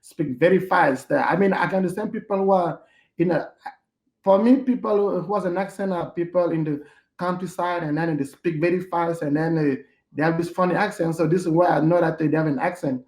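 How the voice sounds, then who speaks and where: A middle-aged Cameroonian man, a hotel manager appearing as a podcast guest, talks casually in an interview, full of hesitant fillers and restarts. His voice sits on the high side with a darkish tone, and he speaks fairly quickly. The recording has a roomy sound.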